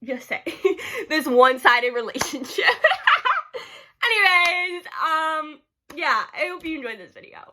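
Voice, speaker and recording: Giggly high-voiced young woman gushing. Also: expressive, unhurried, bright, forceful tone, a little hiss or hum. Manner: giggly, gushing, heavy use of "like". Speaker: book vlogger. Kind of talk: casual rambling vlog.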